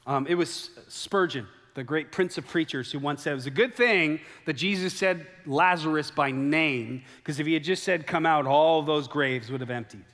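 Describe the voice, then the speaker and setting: A man preaching a sermon as a pastor, telling the story in a lively way and acting out the quoted lines. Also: fairly high pitch. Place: church sanctuary. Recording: long hall reverb.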